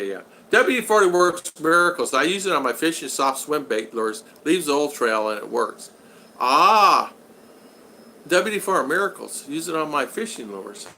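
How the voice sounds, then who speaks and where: A man runs a casual live stream, reading comments aloud and greeting each viewer by name. His voice is bright and forceful, and a faint ambience sits behind it. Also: fairly high pitch, slight background noise. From United States. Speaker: vlogger hosting a live stream. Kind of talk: casual live-chat talk.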